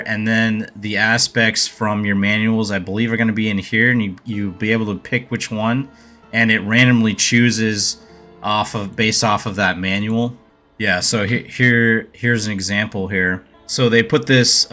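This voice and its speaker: A man's voice: lowish voice, bright, forceful tone. A man casually walking through a game update over his slides, hesitant and thinking aloud as he goes. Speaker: gaming video creator.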